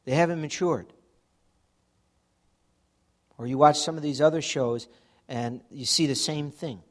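A man's voice: a little high, unhurried. A man preaching a sermon in a conversational way, acting out everyday examples. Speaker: pastor.

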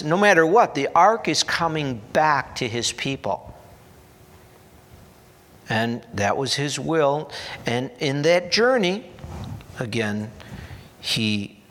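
A man delivers a sermon from the pulpit, unhurried and deliberate in his phrasing. His voice sits at an ordinary middle pitch, earnest but ready with a wry aside. The sound rings out with the long reverb of a large church hall. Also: fairly bright tone. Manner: slow, earnest preaching with dry humorous asides. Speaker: pastor.

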